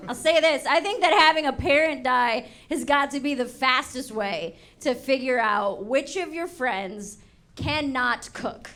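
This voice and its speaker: A woman's voice: high-pitched, a little slow, fairly bright tone. A young woman performing a stand-up comedy set, brash and swearing, slipping into acted voices, recorded live at a show. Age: young adult. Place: comedy show before a laughing audience. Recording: live show with audience noise.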